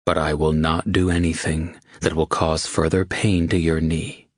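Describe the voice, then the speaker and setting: A man playing a commanding, possessive lover in an audiobook, with a low, controlled murmur. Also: flat delivery, measured pace, dry recording, studio quality. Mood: seductive.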